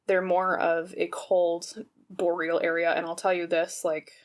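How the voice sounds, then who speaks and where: A woman's voice: fairly low pitch, flat delivery, unhurried. Chatty Minnesotan woman reading tarot. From Minnesota, United States. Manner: chatty, rambling, often checks in with "okay?" and "right?". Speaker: tarot reader, channel host. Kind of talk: casual pick-a-card tarot reading.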